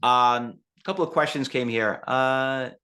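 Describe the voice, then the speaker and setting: A man teaching a live trading webinar in an animated, rambling way. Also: mid-range voice, unhurried. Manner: animated and rambling, acts out quotes. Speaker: trading educator.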